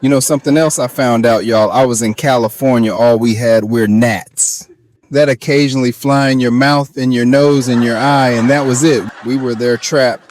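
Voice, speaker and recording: A man's voice: medium pitch, steady tone, moderate pace, darkish tone. A young man doing a stand-up comedy monologue in folksy cowboy talk, often laughing through his punchlines. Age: young adult. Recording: noisy background.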